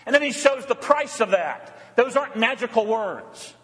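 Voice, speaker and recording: High-voiced male preacher in reverberant church. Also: expressive, normal speed, a bit bright. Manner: rhetorical questions and repeated refrains; leads the congregation in call and response. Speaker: pastor. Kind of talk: sermon. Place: church sanctuary.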